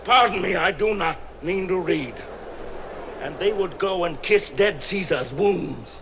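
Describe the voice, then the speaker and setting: An actor playing Mark Antony, a Roman orator stirring a crowd, in measured declamatory Shakespearean verse from an old film soundtrack. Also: male voice, high-pitched, full character voice, rough recording. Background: crowd voices shouting back.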